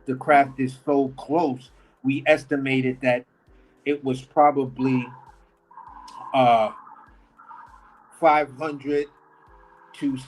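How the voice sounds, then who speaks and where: A man's voice: medium pitch, little pitch movement, slow pace, long pauses, rough recording. Slangy New man telling a story. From New York. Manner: slangy, rambling, talks with energy. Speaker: podcast guest. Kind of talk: casual storytelling.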